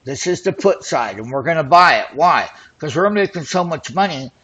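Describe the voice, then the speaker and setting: Excited, boastful male trading host. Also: on the high side, moderate pace, husky. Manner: excited, boastful, hype-driven patter. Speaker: options trading show host. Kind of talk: screen-share trading commentary.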